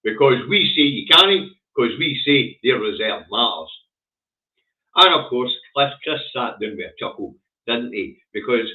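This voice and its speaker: A Scottish man hosting a casual current affairs show, blunt and sardonic, swearing freely. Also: mid-range voice. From Scotland. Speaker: host. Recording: tinny phone-like audio.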